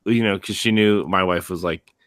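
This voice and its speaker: A man co-hosting a casual podcast, recalling a family talk in a rambling, halting way. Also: low voice, steady tone, fairly bright tone, no echo, studio quality. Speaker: podcast co-host. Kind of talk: casual chat.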